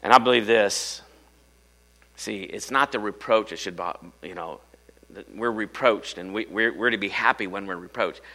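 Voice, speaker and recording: The middle-aged pastor's sermon is full of rhetorical questions, his volume rising loud and falling hushed. His pitch is fairly low and his speed normal.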